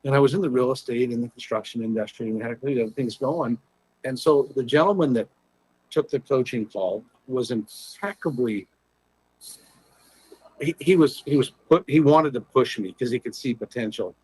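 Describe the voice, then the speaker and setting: Husky man telling a personal story. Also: mid-range voice, moderate pace, no room sound, poor audio. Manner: animated, retells conversations in dialogue. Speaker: guest.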